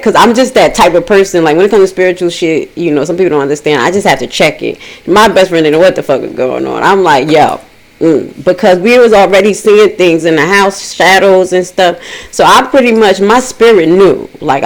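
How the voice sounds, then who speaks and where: A woman of Haitian family telling a personal ghost story in casual, profane talk, acting out the dialogue in a raised voice. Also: low-quality recording. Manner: animated, profane, acts out dialogue in a higher voice.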